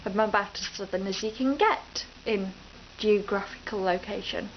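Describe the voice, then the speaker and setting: Recorded on a camera mic, the sound has its high end cut off and a slight hiss or hum. The speaker is a young British woman from the East Midlands, speaking at a normal speed and medium pitch. She rambles chattily at home without a script, breaking off mid-sentence again and again.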